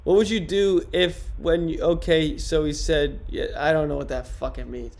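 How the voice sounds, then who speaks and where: A man streaming in casual livestream chat, trying out deadpan stand-up jokes on his viewers. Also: on the high side, normal speed, vocal fry.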